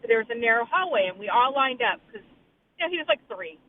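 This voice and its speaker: A man's voice: very high voice, big pitch swings, fast, slight background noise. A man calling in to a radio show, chatting his way through a rambling family story. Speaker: caller. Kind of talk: casual storytelling. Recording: phone line call-in.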